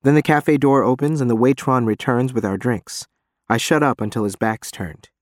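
A man's voice: medium pitch, normal speed, no room sound, studio quality. A man narrating a story in first person. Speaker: audiobook narrator. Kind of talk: scripted narration.

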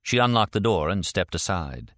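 A man with a deep voice narrates a thriller audiobook as scripted narration. His storytelling is measured and even, and the clean studio sound has no echo.

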